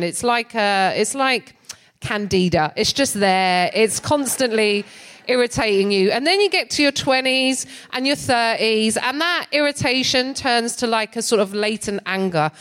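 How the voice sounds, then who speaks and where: A middle-aged woman performing stand-up comedy on a theatre stage, telling a story with a sardonic, animated delivery and laughing between lines. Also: medium pitch.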